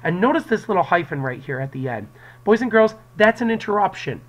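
A male English teacher records a lesson for his class, speaking into an external microphone. His voice sits a little high, and he explains each turn of the plot directly to the students. He breaks into the characters' lines as he reads them. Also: sing-song, fairly quick, poor audio. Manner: explanatory, addresses students directly, acts out quotes. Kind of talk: classroom lecture video.

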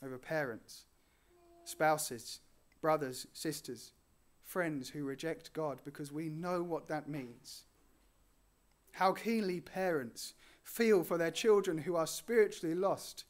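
A male preacher gives a sermon slowly and earnestly, in a voice pitched higher than most men's. He swells on important words and phrases, then sinks to quiet, low endings at the close of each line.

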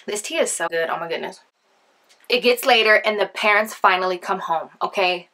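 A young woman vlogger telling a story casually, chatty and animated, with lots of filler words. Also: medium pitch, normal speed. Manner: chatty, animated, acts out quoted voices; heavy use of filler like.

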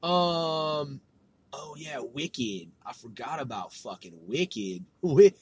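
High-voiced, unhurried, profane podcast guy. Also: expressive, fairly bright tone, breathy edge, no room sound. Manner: profane, loose slang-heavy banter; laughs at himself while reading aloud. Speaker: podcast host. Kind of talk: rambling solo chat.

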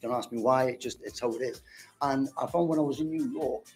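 A man's voice: medium pitch, fairly quick, a little mellow, faint music behind, low-quality recording. A man from northeast England, a singer chatting in a radio studio interview and telling stories with put-on New York voices. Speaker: swing singer guest.

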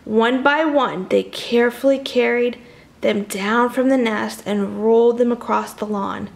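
Read this like you're a young woman sharing a storybook with kids: keep your voice high, let a little gravel sit in it, and break off now and then to chat with them. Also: a little slow. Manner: animated, chatty asides to young listeners. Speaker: children's storybook reader. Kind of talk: reading a picture book aloud to kids.

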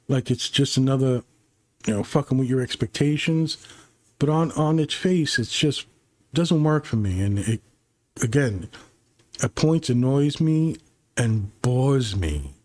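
Profane, exasperated man with a mellow voice. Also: fairly high pitch, dry recording. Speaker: channel host reviewing a TV series. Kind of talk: unscripted critical review.

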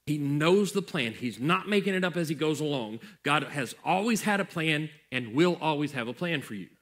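A man's voice: fairly high pitch, animated, normal speed, a bit bright. Preaching man, repetitive and earnest. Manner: conversational preaching, repeats phrases for emphasis. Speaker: pastor. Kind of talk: sermon.

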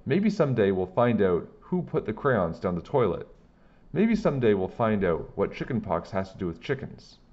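Low-voiced man reading a children's book. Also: normal speed, muffled recording. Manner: plain, steady storytelling.

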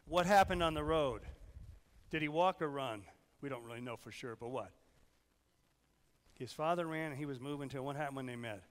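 A male pastor giving a conversational sermon while fighting a sickness, his throat hoarse; he puts questions to the congregation and swings from loud, urgent lines to hushed ones. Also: mid-range voice, moderate pace, pauses often, in a large hall.

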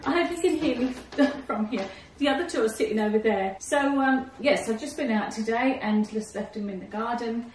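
A chatty woman with a slightly high voice talks casually to camera from her living-room couch, laughing and coaxing her dogs as she goes. The camera sits a few feet away, so her voice sounds distant and roomy, with faint noise behind it. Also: moderate pace, hardly any pauses, darkish tone. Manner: chatty, laughs often, coaxes her dogs between remarks. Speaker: vlogger. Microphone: camera set a few feet away.

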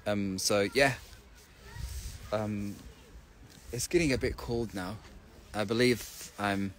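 A man's voice: fairly low pitch, takes it slowly. A man talking casually to his viewers as he walks around a farm, chatty and rambling, with lots of fillers. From England. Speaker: English teacher vlogger. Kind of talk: casual walking vlog. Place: outdoors on a farm. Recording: outdoor noise in the background.

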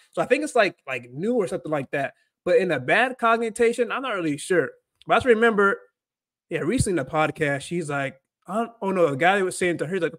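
A man's voice: sits high, animated, fairly quick, no echo. A man hosting a casual livestream, talking in a rambling way full of fillers and self-corrections. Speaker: livestream host learning Spanish.

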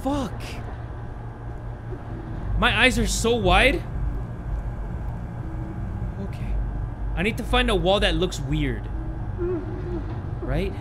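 A young man giving horror game commentary, excitable and swearing, talking to himself and yelping when startled. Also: sits high, very slow, long pauses, noisy background. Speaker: gaming YouTuber. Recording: game music loud behind voice.

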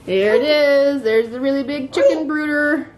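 A mother filming a casual family vlog at home on a small farm, talking to her kids and cooing at her goats. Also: normal speed. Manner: excitable, coos at her goats in a high sing-song.

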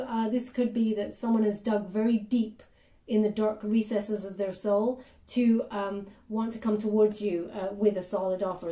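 A woman doing a chatty tarot reading with many fillers, now and then dropping into soft murmured prayers. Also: mid-range voice. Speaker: tarot reader. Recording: roomy, distant from the mic.

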